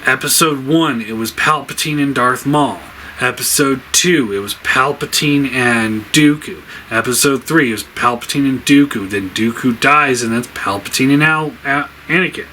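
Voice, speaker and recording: A man's voice: medium pitch, normal speed, hardly any pauses, sharp tone, a little hiss or hum, poor audio. A man giving a casual spoken review, rambling with many fillers, laughing often, sounding exasperated.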